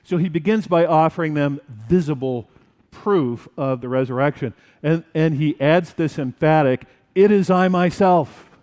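A male pastor preaching a sermon in a church, animated and acting out the disciples' fright. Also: a little high, normal speed, in a large hall.

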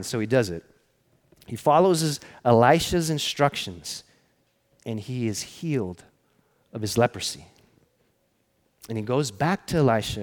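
A man's voice: medium pitch, animated, normal speed, long pauses. Preacher man in a reverberant hall. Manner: conversational storytelling, sinking to hushed emphatic phrases. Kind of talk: sermon.

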